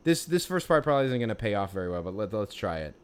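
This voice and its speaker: A man's voice: fairly low pitch, sing-song, quick pace, smooth. A man telling a story in casual chat, rambling with many fillers and restarts. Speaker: podcast co-host.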